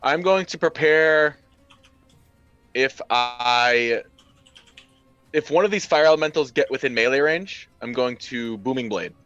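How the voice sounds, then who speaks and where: A man taking part as a tabletop game player, quick and a little fretful. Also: medium pitch, a bit bright, lo-fi sound, soft background music.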